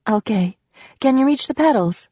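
A woman's voice: high-pitched, expressive, normal speed, warm tone, breathy edge, dry recording, voice pushed up. A woman voicing an exasperated but kind young woman who teaches a man to drive, raising her voice a little as she scolds. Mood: exasperated teaching. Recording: dull dry recording.

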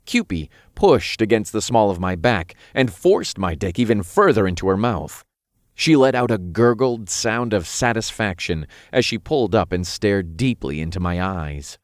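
Brief: male narrator, low voice, dry close-miked read. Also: dry recording. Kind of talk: scripted first-person narration.

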